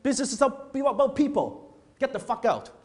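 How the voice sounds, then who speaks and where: A man impersonating an older male seminar teacher harshly scolding a student, swearing as he yells. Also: very high-pitched, big pitch swings, brisk, pitched above the performer's own voice.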